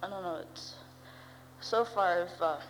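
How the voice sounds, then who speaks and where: A teenage girl tells her own story in a loose, rambling way, full of fillers and dry asides. Her voice sits a little low for a girl. A long hall reverb and a faint hum hang behind her. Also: a little slow. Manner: rambling, wry, full of "you know" and "uh". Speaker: speaker sharing her story. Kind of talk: personal recovery testimony.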